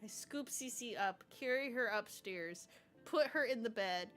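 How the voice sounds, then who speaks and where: A high-voiced woman in her thirties chats through a live coding stream, telling stories with lively, animated asides. Soft music plays faintly behind her. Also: unhurried. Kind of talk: casual chat while coding.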